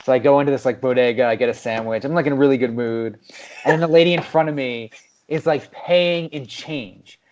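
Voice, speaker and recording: Podcast co-host: male, mid-pitched, expressive, profane storyteller, lo-fi sound. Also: a little fast. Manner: animated storytelling, swears often, acts out people. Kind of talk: casual chat.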